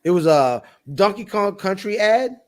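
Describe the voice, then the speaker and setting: A man with a fairly high voice trades loose, slangy sports talk on a podcast. He jokes around and laughs a lot as he chats with his co-host. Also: lively intonation, unhurried. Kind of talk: casual sports chat.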